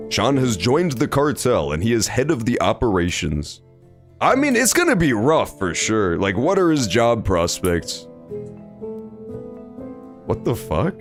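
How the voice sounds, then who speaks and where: A young man streaming a game, reacting loudly and swearing often in casual commentary. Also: fairly low pitch. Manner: animated, reactive, swears often, loud outbursts. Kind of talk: let's play commentary.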